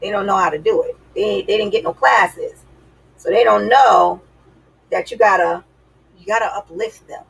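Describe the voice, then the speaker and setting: A woman gives dating advice straight to her viewers in a sassy, emphatic, chatty way. Her voice has a gravelly fry and a husky edge. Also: mid-range voice, moderate pace, rough recording. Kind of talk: casual advice talk to camera.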